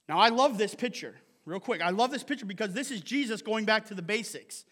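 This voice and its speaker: A man's voice: high voice, lively intonation, brisk, few pauses, fairly bright tone. A male pastor preaching a casual, conversational sermon, often checking in with "right?" and laughing between points.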